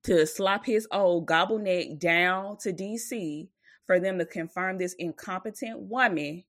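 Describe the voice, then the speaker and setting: A woman's voice: on the low side, unhurried, a bit bright, no room sound, clean studio sound. A woman co-hosting a podcast in casual chat. She rambles loosely, leans on "like" and "or whatever", and turns blunt and profane when she rants. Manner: rambling, filler-heavy, with frequent "like" and "or whatever". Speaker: podcast co-host.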